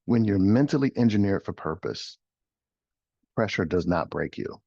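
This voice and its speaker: A middle-aged man with a low, husky voice gives a motivational coaching talk. He is emphatic, repeats his phrases and asks rhetorical questions. The studio recording is dry and a little dull. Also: animated, normal speed, mellow, dry recording. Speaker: host and life coach.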